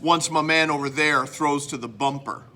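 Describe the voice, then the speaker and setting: A man's voice: a little high, steady tone, moderate pace, loud music behind the voice. A man from Canada hosting a casual home vlog, rambling and joking at his own expense. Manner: rambling, self-mocking, jokey. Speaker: host.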